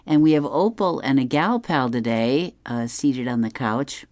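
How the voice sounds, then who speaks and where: A reader works through the comics in an unhurried, even voice, chuckling now and then. The recording is dry and close. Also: medium pitch, no room sound. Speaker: reader of advice column and comics. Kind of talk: reading comics aloud.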